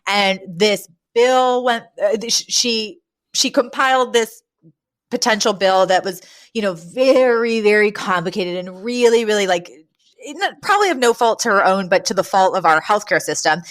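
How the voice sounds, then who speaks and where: A woman co-hosting a chatty podcast recap, her voice sitting at an ordinary middle pitch. She talks in a lively, animated way, laughs often and slips into the characters' lines as she retells the scenes. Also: normal speed. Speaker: podcast co-host. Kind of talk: casual recap chat.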